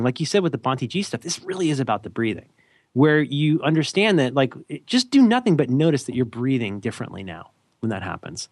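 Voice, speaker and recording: A man's voice: medium pitch, fairly quick, dry recording. Guy on a podcast rambling about habits, voice jumps all over, pokes fun at himself, dry close mic. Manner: animated, self-deprecating, rambling with restarts. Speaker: podcast co-host. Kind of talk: casual conversational advice chat.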